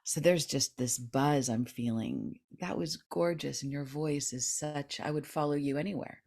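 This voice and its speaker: A woman's voice: low voice, normal speed, vocal fry, darkish tone. A woman hosting a podcast in casual chat with a guest, talking effusively and laughing often. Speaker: podcast host.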